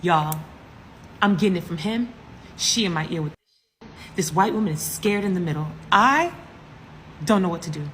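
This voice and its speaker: A woman from the US East Coast with a fairly low voice, telling a comic story with big drama and asides to the listeners. A faint noise sits under her voice. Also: brisk, long pauses. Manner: animated, dramatic, with asides to the audience. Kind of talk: comedic story time.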